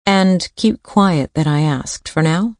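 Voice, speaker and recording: A determined woman investigator from an audiobook thriller, read by a woman narrator, urgent and firm as she presses her point. The voice is low and the sound dry and close. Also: takes it slowly, darkish tone, no echo. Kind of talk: audiobook character voice.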